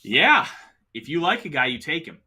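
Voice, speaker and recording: A man's voice: a little high, sing-song, moderate pace, pushed and bright, husky. A man hosting a casual sports talk show, giving emphatic, opinionated takes with the hiccups. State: has the hiccups. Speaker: podcast host.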